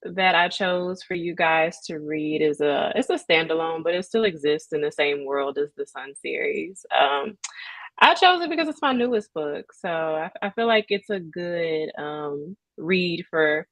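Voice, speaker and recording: A woman author talking about her writing in a relaxed, easygoing manner as a guest. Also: low-pitched, unhurried, no room sound, low-quality recording. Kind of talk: casual interview.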